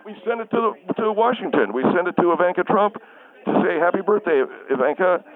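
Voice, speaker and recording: A man plays a middle-aged husband who defends his homeowners group in an eager, placating way. The voice sits a little high and sounds thin, like a phone call. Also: expressive, quick pace. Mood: defensive. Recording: tinny phone line.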